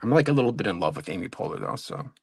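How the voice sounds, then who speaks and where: A man's voice: low-pitched, sing-song, rapid-fire, vocal fry, slightly rough, no echo, clean studio sound. A man in casual chat, talking in a rambling way with fillers and restarts.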